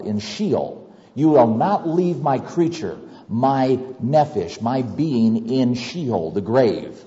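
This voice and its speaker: A man preaching a sermon and reading scripture aloud, swinging between loud emphasis and hushed low asides. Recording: dull audio with long hall reverb.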